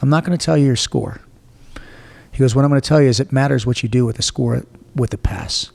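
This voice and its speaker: The recording has a big-room sound, with a man's medium-pitched, brisk, creaky voice. He's a guest in his forties, telling a personal story during a casual interview in a blunt, animated way, swearing freely.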